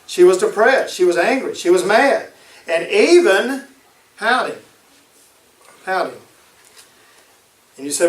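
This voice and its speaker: A man's voice: high voice, very animated, slow pace, pauses often, distant mic. A man preaching a sermon, emphatic and repeating his key phrases. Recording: echoey room, voice from off-mic.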